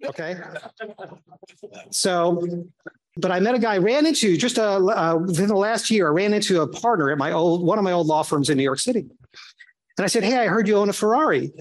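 A man's voice: moderate pace, long pauses. A man teaching a small Bible study group in a conversational way, acting out the voices he quotes. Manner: conversational, acts out quoted voices with big pitch jumps.

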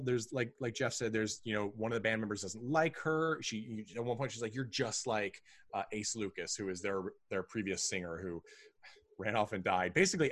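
A man with a lowish voice hosts a film review podcast in casual chat. He rambles and restarts often, with wry asides. The recording is close and dry, with no room sound. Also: fairly bright tone, no echo. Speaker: podcast host reviewing films.

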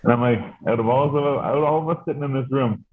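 A man's voice: mid-range voice, fast talker. A man chatting casually, telling rambling stories full of fillers and swearing. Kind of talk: casual chat. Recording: tinny phone-like line.

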